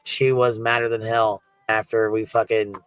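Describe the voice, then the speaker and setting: A man's voice: fairly low pitch, little pitch movement, normal speed, a bit bright, clear, resonant tone, no echo, low-quality recording. A man streaming live, talking casually, swearing constantly and laughing through his words.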